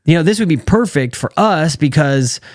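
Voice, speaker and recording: Recorded with studio quality and no room sound, this fairly high-pitched American man in his thirties speaks at a moderate pace. He's a retired champion calf roper and entrepreneur appearing as an interview guest, spinning casual, animated stories and performing the dialogue himself.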